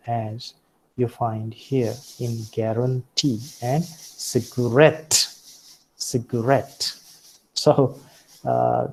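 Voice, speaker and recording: A man giving a phonetics lecture, slow and halting with frequent fillers. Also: medium pitch, gravelly, warm tone, husky, poor audio.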